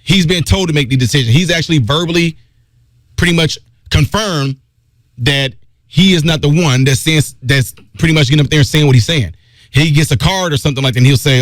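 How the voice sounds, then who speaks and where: A man's voice: fast talker, no echo. Emphatic male talk radio host. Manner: emphatic, repetitive, swings low and loud for stress. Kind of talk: opinion monologue.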